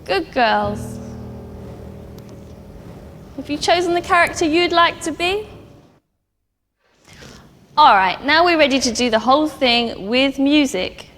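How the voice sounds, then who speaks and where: Brief: woman, ballet instructor, high voice, unhurried and patient with young students; reverberant studio with music playing. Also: lively intonation, fairly bright tone. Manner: patient, clear step-by-step instructions to children. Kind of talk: teaching children a dance class. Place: dance studio.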